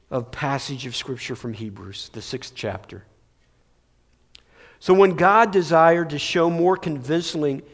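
A male pastor preaching a sermon, moving between loud emphatic peaks and hushed, near-whispered passages. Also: on the high side. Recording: long hall reverb.

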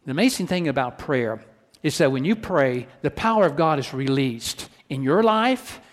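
Male pastor, fairly high voice, earnest preaching, church hall reverb. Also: lively intonation, normal speed. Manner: earnest preaching with rhetorical questions and repeated restarts. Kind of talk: sermon.

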